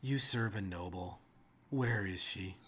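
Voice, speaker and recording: A man voicing a cold, haughty female rider of a dragon army, with a low, hushed menace. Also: takes it slowly.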